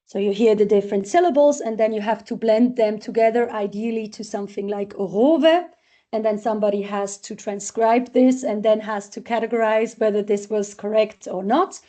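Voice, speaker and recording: Woman researcher explaining with a soft dark tone. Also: mid-range voice, moderate pace. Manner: explains step by step, walking through examples. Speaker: researcher presenting a literacy tool. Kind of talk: research talk with demonstrations.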